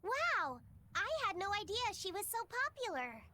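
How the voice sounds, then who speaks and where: An actress playing a thoughtful, gentle young boy in a video game. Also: extremely high pitch, very animated, normal speed, a little hiss or hum, full character voice.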